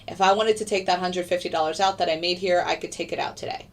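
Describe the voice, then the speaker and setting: A woman's voice: fairly low pitch, fairly even intonation, fast talker, far from the mic. A young woman hosting a casual trading livestream, chatting loosely with many fillers as she answers viewer questions. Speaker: livestream host, futures day trader.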